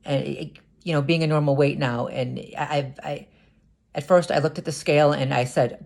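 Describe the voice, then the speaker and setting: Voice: medium pitch, steady tone, moderate pace, vocal fry, a little mellow. An adult talking through a personal confessional vlog, hesitant and stammering, with many restarts and repeated words. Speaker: vlogger.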